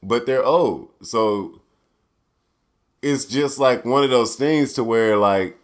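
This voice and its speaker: A young man hosting a casual solo podcast, loose and profane, swinging from loud outbursts to low mutters. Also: slow. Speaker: podcast host.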